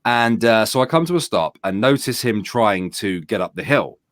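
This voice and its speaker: A British man in his thirties, co-hosting a stream and telling a rowdy story in casual chat, swearing freely and acting out his own shouting. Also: fairly low pitch, animated, normal speed, dry recording, clean studio sound. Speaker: streamer and co-host.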